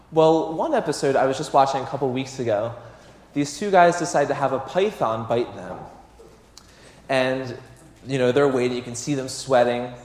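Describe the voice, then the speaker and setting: A preacher giving a sermon in a conversational, storytelling way, with small restarts. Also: male voice, mid-range voice, long reverb tail.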